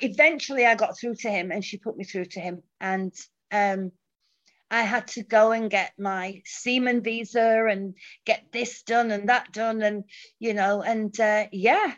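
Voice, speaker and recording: A woman's voice: fairly high pitch, unhurried. A middle-aged woman from England, a former dancer, telling a story in casual chat and acting out the people she quotes. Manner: animated, acts out quoted voices. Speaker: guest. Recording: dull lo-fi audio.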